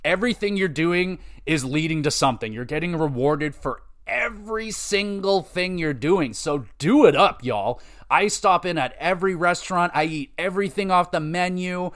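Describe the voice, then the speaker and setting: Chatty man with a higher voice. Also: moderate pace, hardly any pauses. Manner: rambling, profane, animated retelling with quoted voices. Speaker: podcast host. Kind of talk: casual game-review chat.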